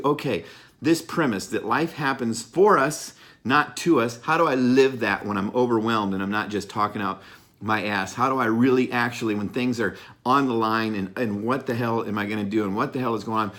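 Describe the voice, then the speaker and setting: A middle-aged man talking straight to his listeners in an unscripted motivational monologue. He is blunt and emphatic, swears freely and repeats his key points. His voice sits at an ordinary middle pitch for a man. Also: fairly bright tone. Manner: blunt, profane, emphatic, laughs at himself. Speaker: motivational speaker.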